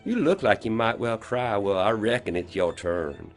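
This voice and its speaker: A man voicing a slow, confident country schoolgirl with a rural Southern accent, sly and teasing. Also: on the low side, sing-song, soft background music, pitched above the performer's own voice. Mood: taunting. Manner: drawling, teasing, quietly menacing.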